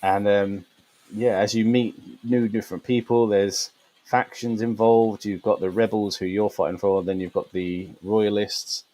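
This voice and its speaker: A man with a warm, steady voice on the low side talks at a measured pace as co-host of a gaming podcast. He laughs frequently and drifts through long, filler-heavy explanations, and the recording is rough but without room sound.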